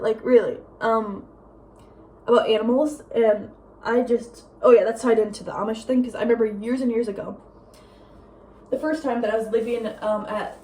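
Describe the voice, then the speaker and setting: A young woman talks in a breezy, rambling way, dropping "like" and "um" constantly and laughing as she goes. Her voice sits a little high. A faint hum of home ambience sits behind her. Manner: rambling, lots of "like" and "um", laughs often; breezy, drifts between loud and soft. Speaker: vlogger. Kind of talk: casual chatty vlog monologue.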